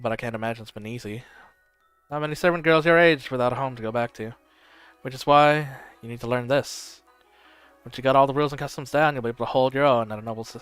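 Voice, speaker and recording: A man's voice: medium pitch, a bit bright, clear, resonant tone, dry recording, close to an everyday voice. A man voicing a blustery, barking retired old nobleman who swears often. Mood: gentle. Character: gruff loud old male noble, retired.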